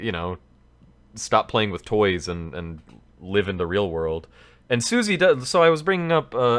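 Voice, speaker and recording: Rambling man commenting on a game. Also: low-pitched. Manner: rambling, with fillers and restarts. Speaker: let's player. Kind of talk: casual gaming commentary. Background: game music.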